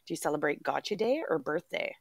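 A woman co-hosting a casual podcast, her voice husky from a cold, playful and quick to laugh. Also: sits low, big pitch swings, no echo, studio quality. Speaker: podcast co-host. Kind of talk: casual chat.

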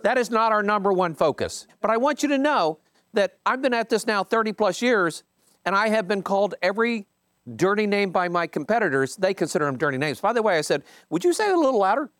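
A man, leading a team meeting and commenting casually on a book, emphatic and animated, jumping high in pitch to stress points. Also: fairly quick, clear, resonant tone, no room sound, clean studio sound.

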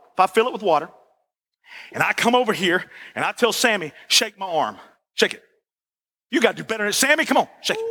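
A man preaching a sermon as the pastor, folksy and animated, repeating "listen" and asking for "amen". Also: very high-pitched.

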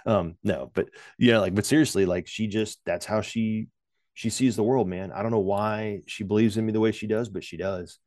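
Deep-voiced guy in his 40s, rambly podcast guest, lots of ums, pokes fun at himself, dry sound. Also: moderate pace, darkish tone, no room sound. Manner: rambling, many fillers and restarts; self-deprecating humor. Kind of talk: casual conversational interview.

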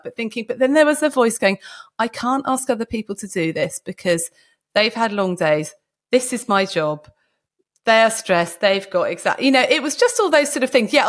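A woman's voice: on the high side, a bit bright. A middle-aged woman, a doctor co-hosting a podcast, chatting in a casual, self-deprecating way and laughing often. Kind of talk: casual conversation.

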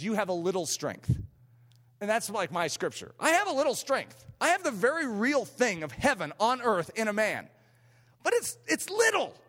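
A man delivering a fervent, emphatic sermon in a very high voice. His pitch swings widely from line to line. A long hall reverb trails after his words. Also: a bit bright. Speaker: preacher.

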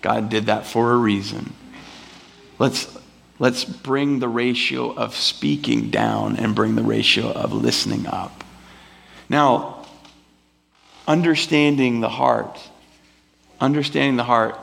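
Gravelly-voiced man preaching casually. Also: medium pitch, a bit bright. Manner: casual, rambling, acts out quoted voices. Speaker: pastor. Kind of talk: conversational sermon. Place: church before a live congregation.

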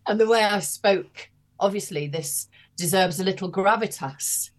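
A woman's voice: mid-range voice, unhurried. A woman priest with a regional English accent, speaking candidly and wryly about her experiences in an interview. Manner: candid, wry reflection. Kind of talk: conversational interview.

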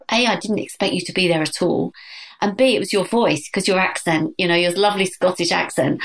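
A woman who runs a business, speaking as a guest on a podcast in an enthusiastic, chatty way. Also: on the low side. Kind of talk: conversational podcast interview.

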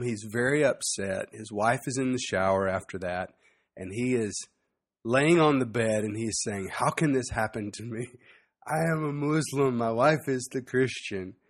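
A preacher with a fairly low voice gives a sermon, telling stories in a relaxed, conversational way. He frequently makes asides to his listeners.

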